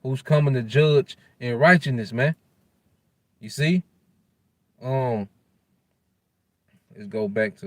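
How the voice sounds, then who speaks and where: A man's voice: lowish voice, a little mellow, no echo. Man preaching casually in a dry voice. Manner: ends nearly every phrase with "man"; loose street slang, halting while looking up verses. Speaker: religious teacher. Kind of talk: informal scripture lesson.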